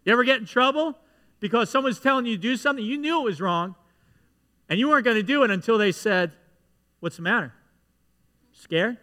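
Male pastor, high bright voice, lively storyteller preaching in a church, long reverb. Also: quick pace. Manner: lively storytelling with audience asides. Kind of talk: sermon. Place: church sanctuary.

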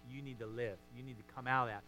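Man playing a gentle reassuring teacher, soft and quiet, bright tone, sermon retelling. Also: medium pitch, fairly even intonation, fast talker, slight background noise, voice pushed down, close to an everyday voice, poor audio.

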